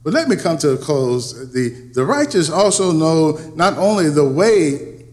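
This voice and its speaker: A man preaching a sermon, building to emphatic peaks and then dropping low and quiet, often repeating words and restarting phrases. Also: big pitch swings, unhurried. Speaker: pastor.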